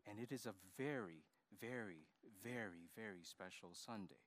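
A man leading a church service as pastor, giving a lively children's sermon and coaxing the kids to come forward. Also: lowish voice, moderate pace. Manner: animated, coaxing, talks to kids. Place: church sanctuary.

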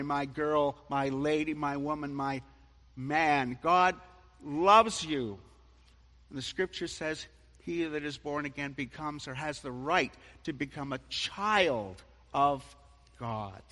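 A man preaching a sermon, dramatic, moving from quiet reading to loud proclamation. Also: on the high side, slow. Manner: dramatic, swings from soft to loud. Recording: long hall reverb.

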